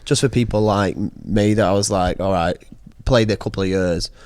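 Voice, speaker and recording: A man co-hosting a podcast in casual chat, chatty and quick to jump in. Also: fairly low pitch, steady tone, a little mellow, clear, resonant tone, dry recording, studio quality. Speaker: podcast co-host.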